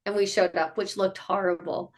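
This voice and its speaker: A woman's voice: mid-range voice, normal speed. A middle-aged woman, a mother of child performers, telling stories in a casual interview and acting out what people said. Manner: animated storyteller who acts out quotes.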